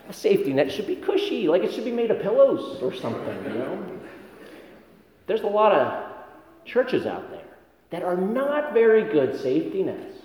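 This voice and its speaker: A man's voice: sits high, huge pitch swings, normal speed, darkish tone. A man preaching a sermon, telling stories in a conversational way with self-deprecating humor. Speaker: pastor. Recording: echoey hall with long reverb.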